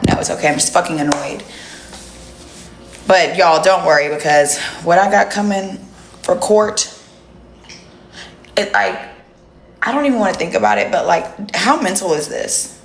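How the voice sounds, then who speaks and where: A woman's voice: on the low side, moderate pace, creaky, pauses often, echoey room. A young woman chatting bluntly with viewers on a livestream, swearing freely. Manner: blunt, profane, talks straight to viewers. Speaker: livestream host. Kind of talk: casual livestream chat.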